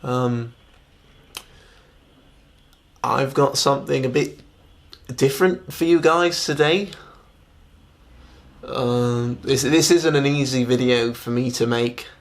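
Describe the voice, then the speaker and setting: Male comic, mid-range voice, tells a story to camera in a halting, falsely earnest way. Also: medium pitch. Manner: halting, stammering, many restarts. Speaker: comedian telling a story to camera. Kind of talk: mock-serious comic monologue.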